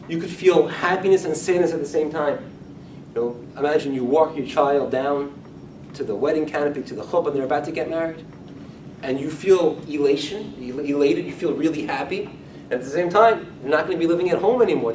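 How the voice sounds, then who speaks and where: Rabbi with a high-set voice in an echoey room. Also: male voice, a little mellow. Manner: conversational, repeats and restarts phrases. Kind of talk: lecture-style Talmud class. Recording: echoey room, speaker far from mic, faint rumble.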